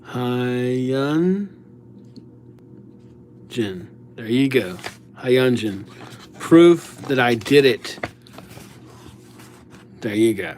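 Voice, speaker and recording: A man talks slowly and casually on a live stream, reading names aloud as he writes them. He keeps up a loose, chatty patter and thanks his subscribers by name. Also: mid-range voice, darkish tone, a little hiss or hum. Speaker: livestreamer writing viewers' names.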